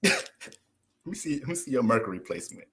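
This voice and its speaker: This American astrologer talks fast in a mid-range voice, with a little hiss or hum in the audio. Ranting on a casual livestream, he jokes, curses and laughs, animated and profane throughout.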